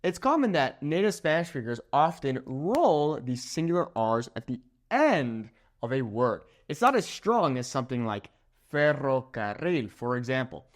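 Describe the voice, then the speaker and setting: A young man, a native English speaker, teaching Spanish pronunciation in an upbeat way, slowing down to spell out words and checking in with "okay?". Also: mid-range voice, very animated. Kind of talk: energetic language lesson.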